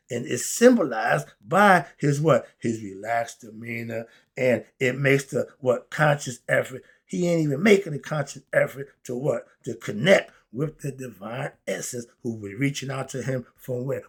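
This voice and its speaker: Excitable, husky man on a bright tone. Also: a little high. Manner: excitable, rhetorical, asks questions and answers them. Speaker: host. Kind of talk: animated spiritual commentary vlog.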